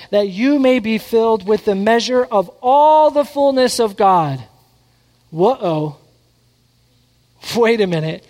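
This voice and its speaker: A man preaching a sermon, mixing scripture with family stories and acting out the voices of the people in them. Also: sits high. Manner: animated, acts out quotes. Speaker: pastor. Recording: long hall reverb.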